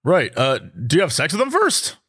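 A man's voice: on the high side, wildly swooping pitch, a little fast, bright, forceful tone, slightly rough, exaggerated voice. A man voicing a brash male radio shock jock who grills a caller with blunt, prying questions.

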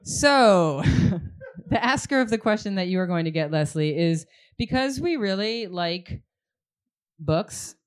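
Host, woman, chatty and playful, slow delivery with lots of pitch movement. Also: expressive, smooth. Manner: playful, chatty, laughs often. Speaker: event host. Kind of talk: live event hosting, giving out prizes.

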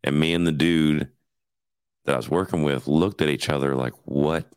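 A man's voice: rumbling low, steady tone, moderate pace, clean tone, dry recording. A man hosting a podcast, chatting and telling a story in a laid-back way. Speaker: podcast host. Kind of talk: casual chat.

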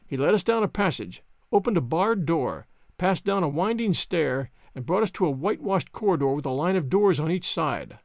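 A man narrating a story in an expressive, animated reading style. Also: a little high, normal speed, vocal fry, no room sound, studio quality. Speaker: audiobook narrator.

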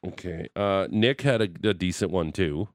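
A man's voice: sits low, normal speed, dry recording. Upbeat guy hosting sports talk radio, laughs a lot, dry studio mic. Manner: upbeat, laughs often while talking. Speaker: radio host. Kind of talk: morning sports radio banter.

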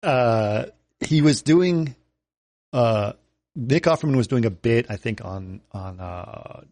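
Man, podcast co-host, storytelling, chuckles, halting delivery, dry close sound. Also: medium pitch, expressive, a little mellow, no echo. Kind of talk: casual chat, storytelling.

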